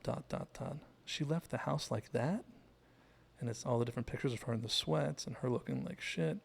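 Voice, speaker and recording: Man, gravelly voice, casual show recap, acts out quotes, mid pitch. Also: darkish tone. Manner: loose retelling, acting out quotes with fillers. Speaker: show host.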